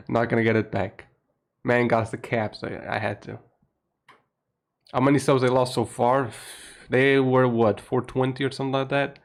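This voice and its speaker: Young man, Portuguese accent, late-night live stream, hushed voice, frequent laughs, casual swearing. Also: unhurried, vocal fry, long pauses. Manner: keeps voice low, laughs often, swears casually. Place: home room at night.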